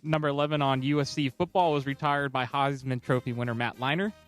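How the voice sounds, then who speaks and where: A man's voice: medium pitch, steady tone, quick pace, soft background music. A man reading sports trivia questions aloud on a radio show. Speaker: trivia quizmaster.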